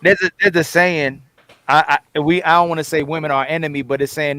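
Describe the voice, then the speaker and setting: A man's voice: a little high, steady tone, a little fast, bright, forceful tone. A young man hosting a casual debate, often restarting his words and nodding along. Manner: frequent agreeing interjections, repeats words when starting. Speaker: host.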